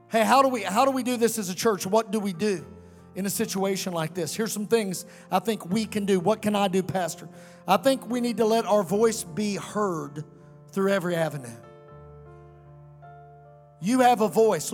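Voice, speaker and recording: A male pastor preaching a fiery sermon to a congregation, sometimes shouting and chanting his lines. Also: high voice, moderate pace, long reverb tail, soft background music. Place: church sanctuary.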